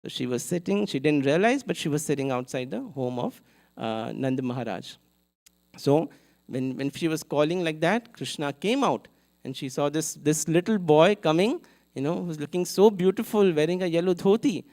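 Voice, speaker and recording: A man gives a storytelling sermon on a live mic in a temple hall, his voice sitting a little high. He is animated and acts out each character. He often turns to the audience with questions. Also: moderate pace. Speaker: temple speaker. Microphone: live event mic.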